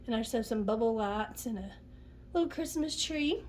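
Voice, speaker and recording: A middle-aged woman talks through her decorated home in a chatty, homey way. She names the items one by one. Her voice sits a little high and sounds nasal and sniffly from a cold. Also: animated, moderate pace, darkish tone, a little hiss or hum. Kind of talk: casual home tour narration.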